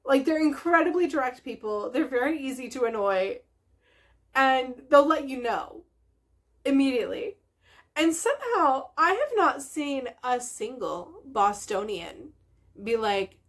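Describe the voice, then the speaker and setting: Woman host, casual vlog chat, bubbly and giggly, slightly high voice. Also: very animated, slow pace, a bit bright. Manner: bubbly, gushing, laughs often. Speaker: host of a knitting video podcast.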